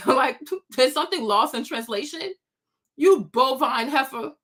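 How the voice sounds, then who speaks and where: A woman's voice: sits high, expressive, unhurried, a bit bright, husky. A woman hosting her own commentary channel, scolding and mocking critics in a sassy, unscripted rant full of laughter.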